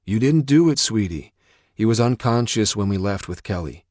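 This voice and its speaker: A man's voice: lowish voice, animated, moderate pace, darkish tone, no room sound, clean studio sound, pitched above the performer's own voice. A man voicing an anxious, protective father who pleads and defends himself. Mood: defensive.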